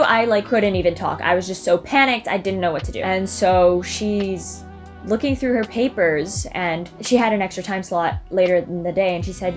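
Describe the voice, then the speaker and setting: A young woman vlogger casually telling stories to the camera in a dramatic, animated way. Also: medium pitch, moderate pace, faint music behind. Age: young adult.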